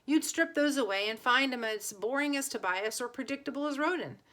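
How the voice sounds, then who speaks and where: Bright-voiced woman reading a novel. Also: fairly high pitch. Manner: plain voices for characters, occasional stumbles and restarts. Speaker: audiobook reader.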